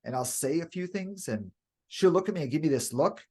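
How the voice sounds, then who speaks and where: A man co-hosting a podcast in casual chat, excitable, saying "dude" often and acting out quotes. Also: fairly high pitch, a little fast. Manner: excitable, says "dude" a lot, acts out quotes. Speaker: podcast co-host.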